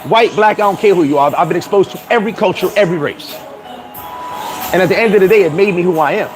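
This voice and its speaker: A higher-voiced New Yorker rants loosely and bluntly to his live chat from a hot corner in a Caribbean town, sweating in the heat as music plays behind him. The vlogger talks fast, swears, stays animated and laughs at his own slips.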